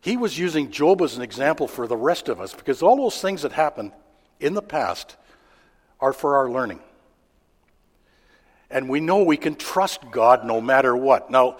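A man preaching a sermon in a plain, unhurried way, often pausing on fillers and restarting his sentences. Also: medium pitch, expressive. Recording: long hall reverb.

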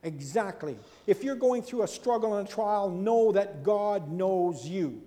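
Unhurried and animated, a male preacher uses his mellow, high-set voice to act out the people he quotes, swinging widely in pitch and loudness. Casual asides and rhetorical questions interrupt the sermon, and a long reverb makes it sound like a large hall.

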